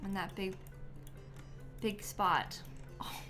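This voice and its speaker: A woman talks through her live game stream in a bright, forceful voice at a mid pitch. Her chat is loose and giggly, full of ums and likes. Soft game music plays underneath. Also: steady tone, slow.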